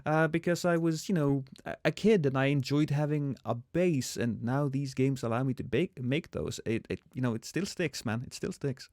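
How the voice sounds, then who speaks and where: A man co-hosting a casual gaming podcast, talking in a relaxed, meandering way. His voice sits in an ordinary middle range. The sound is dry and close, with no room sound. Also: medium pitch, moderate pace, hardly any pauses, no room sound. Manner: laid-back, rambling, laughs often. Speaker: podcast co-host. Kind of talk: casual chat.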